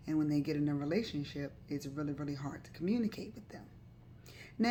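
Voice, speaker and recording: A woman's voice: low-pitched, darkish tone, slight background noise. A woman hosting a live stream, talking to viewers in a loose, chatty way and often repeating herself. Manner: chatty, loose, repeats words and uses fillers. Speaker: host of a live talk stream. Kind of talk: casual advice talk to viewers.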